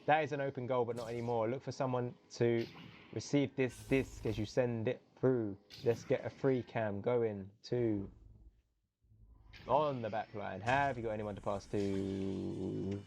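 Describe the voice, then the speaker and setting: A young male esports caster calling a match alone in a chatty, easygoing voice of middling pitch. On big plays he leaps into loud, high-pitched exclamations, and between plays he rambles and corrects himself. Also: steady tone, a little slow, vocal fry, slight background noise. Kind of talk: solo live game commentary.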